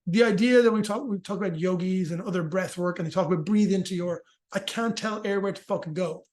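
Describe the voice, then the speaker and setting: A man explaining breathing physiology in a casual interview, fast and joking, with frequent swearing. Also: high-pitched, a little mellow. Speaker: movement and rehabilitation practitioner, guest.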